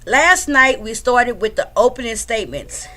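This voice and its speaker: A woman's voice: on the high side, lively intonation, normal speed, sharp tone, soft background music. A woman hosting a casual livestream from home, chatting loosely and greeting her viewers by name. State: a bit out of breath. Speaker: livestream host.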